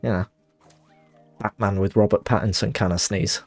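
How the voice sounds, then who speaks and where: With a fairly low pitch, steady tone and a slightly mellow sound at a moderate pace, the young man chats casually while streaming a game. He rambles and apologizes self-consciously, with giggly asides, in a dry close-mic recording with faint music behind.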